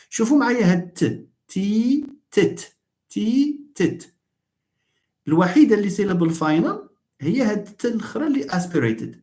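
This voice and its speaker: A middle-aged man with a Moroccan accent giving a live online linguistics lecture, switching between English and dialect Arabic and slowly modelling sounds. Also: sits high, a little mellow.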